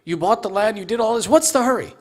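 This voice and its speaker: Man putting on a woman's voice, worried wife, raised pitch, questioning. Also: fast, close to an everyday voice. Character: wealthy merchant's wife, puzzled and worried.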